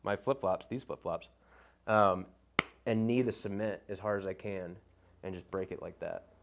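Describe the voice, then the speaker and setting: A man on a podcast telling a story in a rambling casual way, getting animated when he quotes himself. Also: deep voice, normal speed, gravelly, noisy background.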